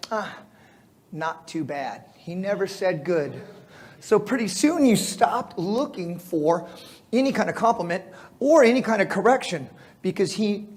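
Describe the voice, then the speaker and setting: Animated, high-voiced American man telling stories. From United States. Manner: animated, laughing storyteller with filler words and restarts. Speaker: speaker at a fitness symposium. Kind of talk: storytelling talk to a live audience.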